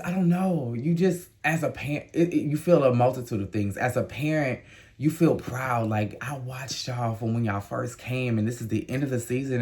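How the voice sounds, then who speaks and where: A man talking casually in a review vlog. He gives blunt, emotional opinions and now and then jumps up into high exclamations. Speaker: reality TV reviewer.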